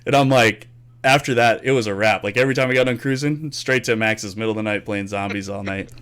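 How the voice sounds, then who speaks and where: Low, smooth-voiced man telling stories. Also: quick pace. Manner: animated storyteller, swears freely, acts out quotes. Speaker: podcast host. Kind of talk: casual storytelling chat.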